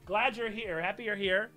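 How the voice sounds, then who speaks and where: A man's voice: high-pitched, measured pace, bright, forceful tone. A young man hosting a casual live stream, playfully reading from a book he wrote as a child and joking with his chat. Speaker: streamer and church host. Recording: faint piano music behind.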